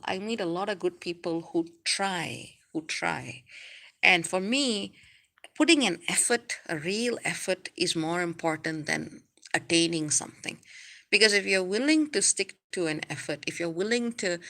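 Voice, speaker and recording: A woman astrologer chatting casually on a live stream, reading out viewer messages, laughing often and speaking warmly. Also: on the low side, gravelly.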